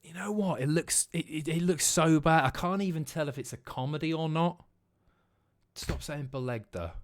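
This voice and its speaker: A man's voice: fairly high pitch, normal speed. A man in his thirties, hosting a livestream in casual chat, with blunt, sweary, sardonic commentary. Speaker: livestream host.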